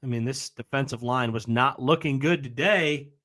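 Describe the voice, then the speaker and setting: A man hosting a live reaction stream, excited and rambling, apologizing as he juggles things. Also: mid-range voice, normal speed. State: recovering from a week of sickness, coughing.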